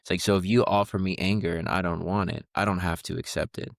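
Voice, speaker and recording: A man's voice: low voice, steady tone, fast talker, creaky, dry recording, studio quality. A man co-hosting a podcast, talking in a loose, rambling way with many fillers and restarts. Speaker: podcast co-host. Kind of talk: casual conversation.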